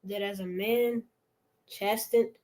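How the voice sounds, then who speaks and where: A woman reading scripture aloud in a measured, careful way. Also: mid-range voice, fairly even intonation, darkish tone, low-quality recording. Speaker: scripture reader.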